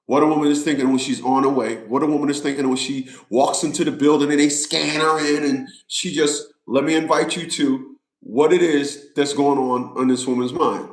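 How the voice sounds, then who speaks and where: A man's voice: medium pitch, steady tone, fairly quick. Emphatic man in a roomy echo. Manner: emphatic, repetitive, preacherly. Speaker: vlogger. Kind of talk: casual monologue.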